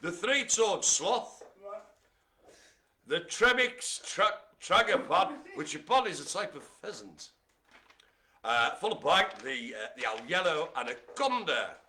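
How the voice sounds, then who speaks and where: A middle-aged man hosting a live bingo game, chatty and jokey, speaking to his audience as ladies and gentlemen. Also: fairly high pitch, big pitch swings, unhurried. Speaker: bingo caller and host.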